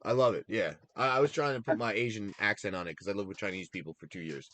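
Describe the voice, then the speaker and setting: A man's voice: fairly low pitch, fast, fairly bright tone, a little hiss or hum. A man co-hosting a casual recap show, chatting about his picks in a rambling, enthusiastic way and drifting into tangents. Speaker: podcast co-host.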